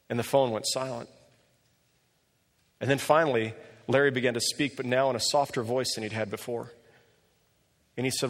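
A man preaching a sermon and telling a story with animated delivery, often rising in pitch when he quotes people. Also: moderate pace, pauses often. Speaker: pastor. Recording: long reverb of a large hall.

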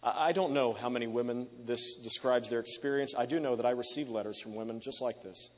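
Brief: male preacher, emotive and repetitive storytelling, mid pitch, long hall reverb. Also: fairly quick. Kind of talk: sermon. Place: large hall with an audience.

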